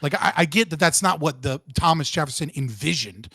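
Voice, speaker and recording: Man guest, high-ish voice, animated, profane debater, dry close mic. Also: a little fast, breathy edge, dry recording. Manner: animated and profane, restarts often. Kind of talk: casual political debate.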